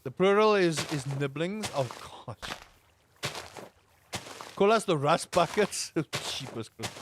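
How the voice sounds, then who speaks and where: With a faint hiss or hum behind him, a man speaks in a high, expressive, fairly bright voice at an unhurried pace. He's streaming a game in a casual live-stream chat, rambling, poking fun at himself, and reading his chat aloud as he answers it.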